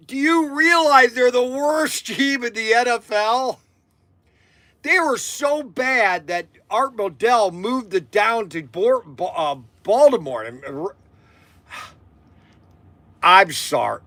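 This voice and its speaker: A middle-aged man from Southern Ohio chats casually as the host of a livestream. His voice sits high and swings widely in pitch. He rambles from one aside to the next and laughs often. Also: lively intonation, slow pace, pushed and bright, dry recording.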